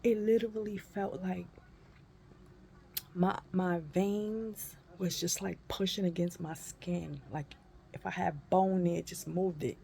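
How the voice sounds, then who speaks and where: A woman in her fifties telling a personal story in a folksy, animated way and calling listeners honey and baby. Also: fairly low pitch, slow pace, creaky, slight background noise. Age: 50s. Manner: animated, acts out her own cries and shrieks. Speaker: vlogger.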